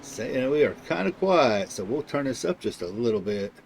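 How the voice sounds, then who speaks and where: A man doing relaxed play-by-play on a live sim race broadcast. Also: mid-range voice, moderate pace, creaky, a little hiss or hum. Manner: relaxed play-by-play, calls the action. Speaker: race commentator. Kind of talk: live sim racing commentary.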